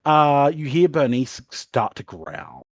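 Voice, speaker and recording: A man's voice: medium pitch, sing-song, slow, dry recording. A man narrating as game master of a tabletop role-playing game, rambling with lots of fillers and laughing often.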